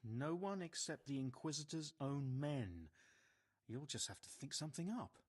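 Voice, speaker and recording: A grave, learned monk. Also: male voice, fairly high pitch, lively intonation, breathy edge. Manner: measured, grave, formal speech. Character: earnest middle-aged male monk, learned and worried. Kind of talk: video game voice acting.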